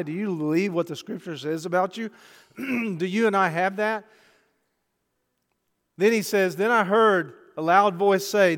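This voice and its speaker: A man's voice: high voice, fairly bright tone, big-room sound. A man preaching a sermon as pastor, talking to the congregation in a conversational way with rhetorical questions and light jokes.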